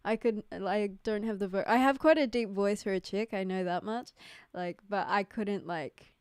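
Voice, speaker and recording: A young woman hosts a laid-back livestream from a room at home, using a desk mic and no headphones. Her medium-pitched voice is a little mellow and smooth, at a moderate pace, in a dry, studio-quality recording. She chats and giggles, saying "like" constantly.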